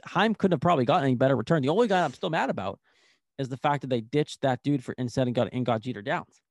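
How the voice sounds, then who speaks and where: A young man co-hosting a casual sports chat, excitable and rambling, full of "like". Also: mid-range voice, fast, no room sound, clean studio sound. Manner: excitable, rambling, heavy use of "like". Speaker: sports podcast co-host.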